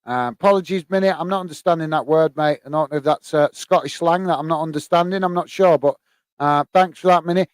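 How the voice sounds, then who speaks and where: A man's voice: on the high side, fast, no room sound. An English man hosting a live football stream, reading fan comments aloud with lots of fillers and friendly "mate" replies. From England. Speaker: host reading live chat.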